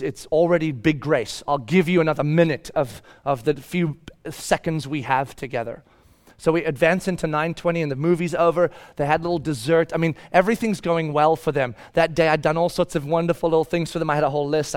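A middle-aged man preaching a sermon, telling a family story and acting out his own shouting. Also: fairly high pitch, clean tone. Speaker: pastor.

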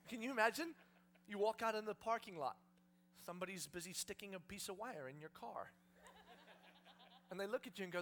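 A man's voice: high-pitched, lively intonation, normal speed, pauses often, fairly bright tone. A male pastor preaching a sermon to a congregation, telling stories with humor and animation.

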